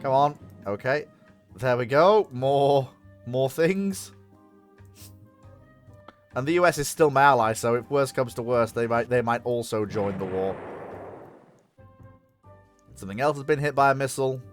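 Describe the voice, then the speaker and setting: This is a streamer talking through a naval strategy game live, drawing the words out slowly. Excitement keeps breaking through in loud exclamations. Faint game music hums along behind the voice. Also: mid-range voice.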